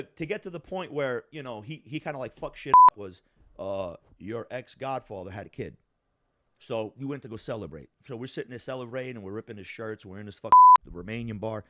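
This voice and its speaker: A man telling a story in casual talk, profane and animated, acting out the voices of the people in it. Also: medium pitch, brisk, heavy background noise. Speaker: storyteller guest.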